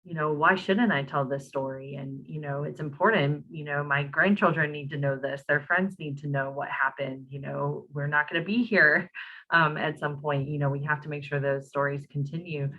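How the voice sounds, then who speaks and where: A woman's voice: low-pitched, steady tone, moderate pace, phone-quality sound. A woman hosting an online talk, reading out audience questions in a conversational way with many fillers. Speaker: host, moderator.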